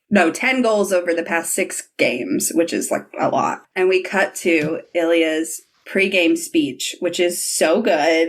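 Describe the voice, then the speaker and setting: A woman hosting a podcast, casually recapping episodes and acting out the lines with bursts of laughter. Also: lowish voice. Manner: animated retelling, quoting scenes with bursts of laughter. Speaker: podcast host.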